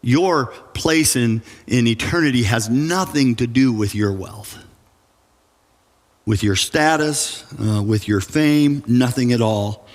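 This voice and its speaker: Male pastor, mid pitch, earnest emphatic sermon delivery, long church reverb. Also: slow. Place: church sanctuary.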